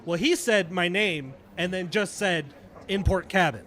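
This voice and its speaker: A man's voice: sits high, unhurried, bright, forceful tone. A middle-aged man, a retired Navy chief, casually telling a story on a podcast and acting out the dialogue.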